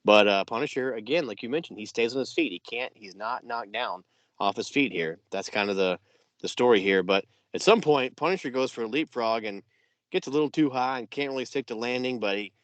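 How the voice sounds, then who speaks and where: A man's voice: medium pitch, fairly quick, fairly bright tone, no room sound, highs cut off. A man co-hosting a casual podcast, eagerly recounting a wrestling match blow by blow, with plenty of "you know" and "yeah.". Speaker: podcast co-host.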